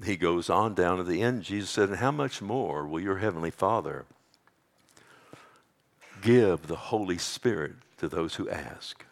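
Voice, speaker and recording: A man's voice: low voice, expressive, unhurried, vocal fry. A middle-aged male pastor preaching a sermon, quoting scripture and pressing his points with rising emphasis.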